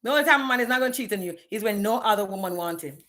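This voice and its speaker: A woman's voice: medium pitch, expressive, rapid-fire, fairly bright tone. A woman, ranting bluntly and profanely on a live stream, challenging her viewers. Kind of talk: candid live-stream rant.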